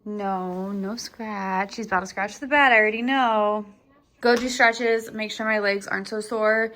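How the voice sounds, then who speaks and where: Her voice sits fairly high, with a steady, fairly bright tone at a moderate pace. She's a young woman in her twenties doing a casual vlog indoors at home, chatty and full of "like," laughing between thoughts, with a roomy sound and faint background noise.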